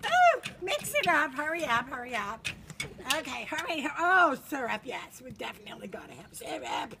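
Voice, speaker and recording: Older woman impersonating a celebrity TV chef: high, lively, exclaiming, home kitchen video with loud noise. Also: a little slow, exaggerated voice. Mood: playful. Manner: fluttery, exclaiming, bossy with helper. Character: impression of a famous warbly older woman TV chef. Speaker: grandmother hosting a mock cooking show. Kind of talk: playful mock cooking demo.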